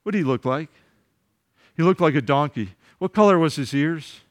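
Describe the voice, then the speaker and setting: A man's voice: fairly high pitch, lively intonation, normal speed. A man preaching a sermon as pastor, earnest and emphatic, asking his listeners rhetorical questions and repeating words as he speaks off the cuff.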